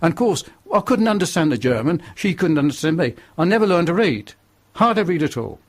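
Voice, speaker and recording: Older man, Northern English accent, slightly high voice, blunt, chatty, preachy radio guest. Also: very animated, brisk. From northern England. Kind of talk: radio interview testimony.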